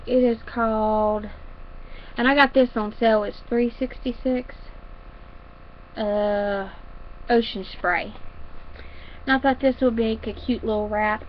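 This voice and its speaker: A woman's voice: fairly high pitch, dull audio. Lady chatting about yarn in her craft room, a bit breathless, faint hiss. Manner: rambling, chatty, homey. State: a little out of breath. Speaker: crafting vlogger. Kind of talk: casual chat.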